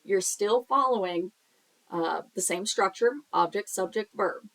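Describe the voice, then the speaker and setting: A woman's voice: mid-range voice, a little slow, a bit bright, low-quality recording. A young woman teaching a sign language lesson in a casual, chatty way, explaining with examples and the occasional filler.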